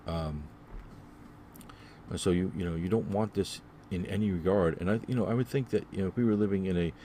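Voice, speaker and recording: A man's voice: deep voice, a little fast, dark tone, a little hiss or hum. A man hosting his own podcast, talking alone in a rambling, repetitive way with many fillers. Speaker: podcast host. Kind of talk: solo casual podcast monologue.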